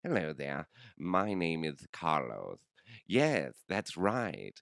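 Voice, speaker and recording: A man putting on a British accent for a prim, leering posh gentleman. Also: very deep voice, wildly swooping pitch, takes it slowly, vocal fry, no room sound, studio quality, pitched below the performer's own voice, exaggerated voice. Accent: British, put on.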